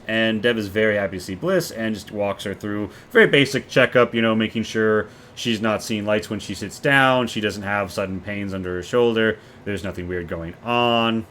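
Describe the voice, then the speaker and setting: Laid back guy game master, lowish voice, lots of ums, music in the back. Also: fairly even intonation, moderate pace, a bit bright. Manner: loose, filler-heavy narration. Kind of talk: narrating a tabletop game.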